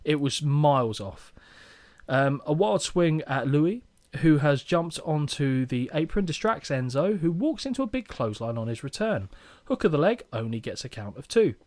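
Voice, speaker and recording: A man's voice: on the high side, sing-song, normal speed, a little mellow. A young man co-hosting a podcast, reading a match recap with playful asides. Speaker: podcast co-host.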